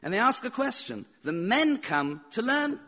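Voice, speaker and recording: Animated, bright-voiced man giving a Torah lecture. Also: very high voice, moderate pace. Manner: animated storytelling with repeated phrases and rhetorical questions. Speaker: rabbi teaching.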